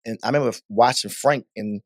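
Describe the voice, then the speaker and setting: A man's voice: medium pitch, fast, no echo. A man from Baltimore, a guest DJ and radio host, telling stories animatedly in a casual interview. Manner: animated, acts out voices in stories.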